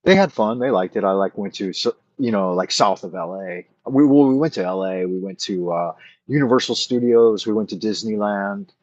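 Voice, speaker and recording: In a casual late-night chat, a livestream host answers his viewers in a low, husky, darkish voice, rambling and thinking aloud with frequent "uh"s. The recording comes across dry, dull, and muffled with a lo-fi edge.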